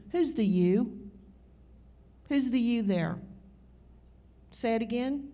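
Mellow-voiced Southern woman preaching. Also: a little high, expressive. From Southern United States. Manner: folksy and conversational, drawn-out emphasis. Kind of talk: sermon with storytelling. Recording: slightly muffled recording.

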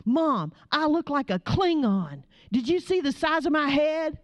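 A woman's voice: very high voice, fairly even intonation, fairly quick, darkish tone, dry recording, pitched above the performer's own voice. A woman acting out a self-conscious, stubborn teenage girl who complains insistently. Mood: upset.

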